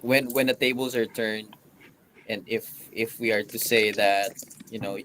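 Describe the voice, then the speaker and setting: A man taking part in a casual panel chat by call. He speaks haltingly and keeps restarting his sentences. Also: fairly low pitch, steady tone, a bit bright, a little hiss or hum, rough recording. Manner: halting, searching for words with many restarts. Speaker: panel guest.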